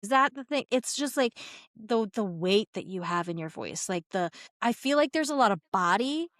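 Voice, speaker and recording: A woman podcast host chatting casually with her guest, lively and quick to laugh. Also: mid-range voice, no room sound, clean studio sound. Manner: chatty, laughs often, animated asides. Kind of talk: casual chat.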